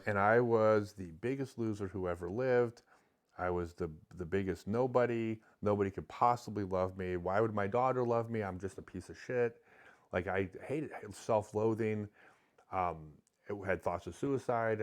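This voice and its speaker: A middle-aged man, a podcast guest, candidly telling an emotional personal story with many restarts. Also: on the low side.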